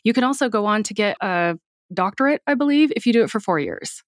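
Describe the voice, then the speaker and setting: A woman's voice: mid-range voice, expressive, fast talker, no room sound, studio quality. A woman speaking as a podcast guest in a casual interview, earnest and at times dryly sarcastic.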